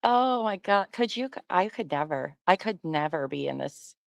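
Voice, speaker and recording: A woman hosts a casual livestream with chatty, exclaiming commentary. Her voice sits on the low side. The sound is dry and close. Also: animated, moderate pace, gravelly, no room sound. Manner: chatty, exclaiming, laughs often. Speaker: livestream host.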